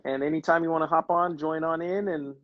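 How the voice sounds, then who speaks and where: Relaxed man telling stories on a stream. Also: a little high, fairly quick, no room sound, dull audio. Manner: laid-back storytelling, calls people brother. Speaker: livestream host, former pro soccer player. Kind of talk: casual livestream chat.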